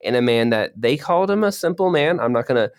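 A man's voice: mid-range voice, lively intonation, fast, smooth. A man introducing a recorded sermon in a casual, conversational way, telling stories loosely with fillers.

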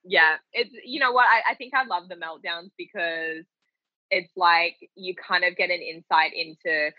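A woman's voice: fairly low pitch, moderate pace, no room sound, dull audio. A woman life coach chatting casually on a podcast, telling stories animatedly and laughing often. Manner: animated storyteller who acts out quotes and laughs often. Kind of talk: casual chat.

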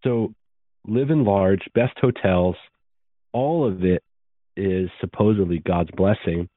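Guy in his 30s with a really low voice telling his story fast and earnest, sounds like a dry tinny phone line. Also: no room sound. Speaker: podcast guest. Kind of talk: storytelling interview.

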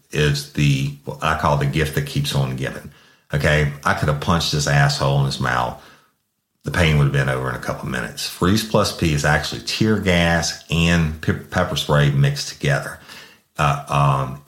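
A man's voice: very deep voice, fairly bright tone, reverberant. A man hosting a true-crime podcast, telling a story from his police career in a blunt, profane way. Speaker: podcast host, former officer.

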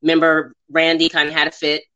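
A woman co-hosts a relaxed movie chat, quick to laugh and eager to agree. Her voice is bright and forceful, sitting a little low in pitch. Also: muffled recording. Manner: enthusiastic, laughs often, agrees a lot. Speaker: podcast co-host. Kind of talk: casual chat about a movie.

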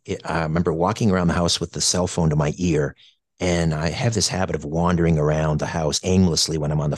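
A middle-aged man from Canada with a deep, low voice recounts a personal memory at length. He hesitates, restarts and fills pauses as he thinks back. The sound is dry and close, with no room echo. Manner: hesitant and reflective, many fillers and restarts. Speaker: radio show co-host. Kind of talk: personal storytelling.

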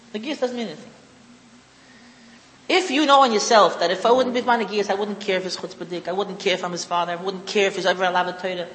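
Brief: male religious lecturer, high bright voice, emphatic, repeats himself, hall reverb with faint hiss. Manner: emphatic, repeats key phrases, mixes in Hebrew and Yiddish terms. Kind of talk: lecture to an audience.

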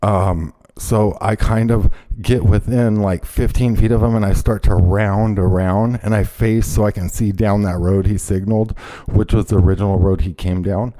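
A man telling a heated, profane story on a podcast, often shouting out what he said to people. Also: fairly low pitch, steady tone, moderate pace. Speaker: podcast host. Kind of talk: casual chat, storytelling.

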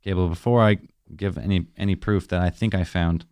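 A man with a fairly low voice in a casual podcast chat. He asks questions and lays out theories step by step. The sound is dry and close to the mic. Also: fairly even intonation, brisk, darkish tone, dry recording. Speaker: podcast co-host.

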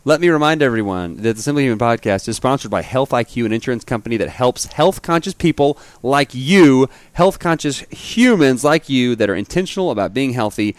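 A man hosting a podcast from home, chatting casually, rambling with lots of fillers and quick laughs. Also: medium pitch, expressive, no echo. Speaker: podcast host. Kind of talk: casual chat.

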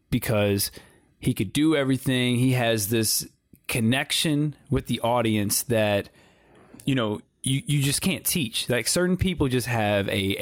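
A man's voice: fairly low pitch, no room sound, studio quality. Man chatting loosely about wrestling. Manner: loose, halting, many restarts. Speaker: podcast co-host. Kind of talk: casual wrestling chat.

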